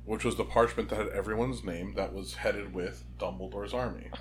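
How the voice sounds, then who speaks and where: Low-voiced man recapping a book. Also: moderate pace, slight background noise. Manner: relaxed summarizing, some fillers. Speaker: podcast co-host. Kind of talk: casual chapter recap.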